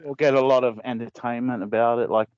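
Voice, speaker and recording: A man's voice: medium pitch, fairly even intonation, fast, a little mellow, clear, resonant tone, dry recording, lo-fi sound. A man chatting casually on a podcast, rambling through stories and laughing at his own jokes. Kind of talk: casual chat.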